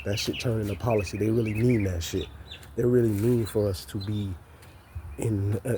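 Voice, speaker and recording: A man's voice: lowish voice, mellow, a little hiss or hum. A man giving an impassioned, profane monologue, repeating himself and stumbling over restarts. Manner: heated, repetitive, stammers and restarts. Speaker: vlogger.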